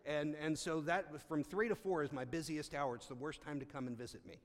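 Guy telling a story, lively and kinda high voice, restarts a lot, big hall echo. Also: brisk. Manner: animated, acts out dialogue, frequent restarts. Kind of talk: storytelling talk. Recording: long hall reverb.

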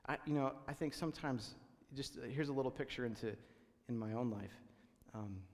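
A man's voice: medium pitch, fairly quick, big-room sound. A man preaching a sermon as a pastor, conversational and full of restarts, acting out the people he quotes.

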